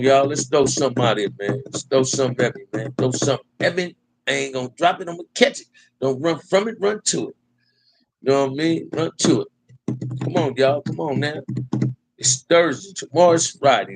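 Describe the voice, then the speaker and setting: On a rough recording, a man from Compton, California hosts a laid-back live stream in a medium-pitched, slightly rough voice. He reads out viewer comments and answers in slangy talk that keeps finishing with "man."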